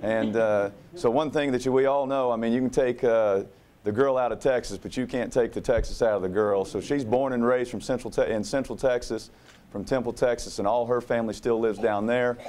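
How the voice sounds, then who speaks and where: A man in his thirties from Oklahoma with a drawl, a new basketball coach speaking humbly and haltingly at a press conference. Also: mid-range voice, fairly even intonation, a little mellow. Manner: humble, halting, many "uh"s and repeats.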